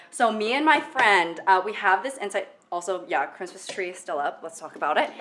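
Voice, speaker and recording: A woman's voice: mid-range voice, a bit bright. Chatty woman vlogger in an echoey room. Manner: chatty, rambling, crude jokes, lots of fillers. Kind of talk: casual chat while doing makeup. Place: room at home. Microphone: camera mic, at times far from it.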